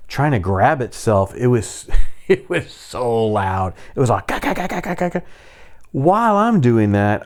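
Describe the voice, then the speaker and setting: A man in his fifties casually telling a personal story, lively and full of mimicked sounds and voices. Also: mid-range voice. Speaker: storyteller vlogger.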